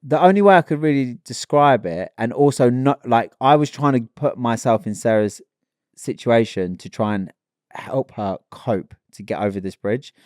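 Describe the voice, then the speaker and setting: A man co-hosting a podcast, chatting casually and telling a story in a lively, teasing way. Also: medium pitch, moderate pace, no echo, studio quality. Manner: lively, teasing storyteller who acts out lines. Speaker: podcast co-host.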